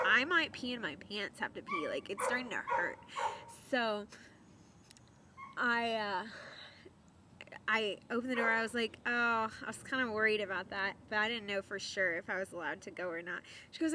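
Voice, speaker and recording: A young woman vlogger telling a story to camera in a chatty, animated way, laughing often and repeating words for emphasis. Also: mid-range voice, moderate pace, noisy background.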